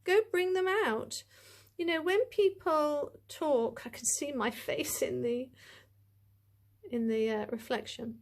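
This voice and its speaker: A woman's voice: high-pitched, slow. A woman chatting to camera as she reviews a tarot deck, gushing, rambling and full of asides.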